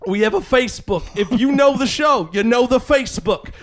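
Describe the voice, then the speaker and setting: A man's voice: extremely high pitch, a little fast. A man in mock-boastful comedic podcast banter. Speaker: podcast regular.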